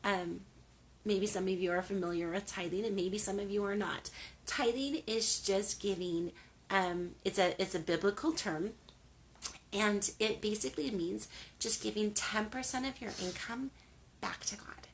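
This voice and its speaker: A woman's voice: mid-range voice, normal speed, a little hiss or hum. Older woman telling a heartfelt story. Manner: earnest and storytelling, with many fillers and restarts. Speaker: host. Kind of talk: casual faith and lifestyle talk.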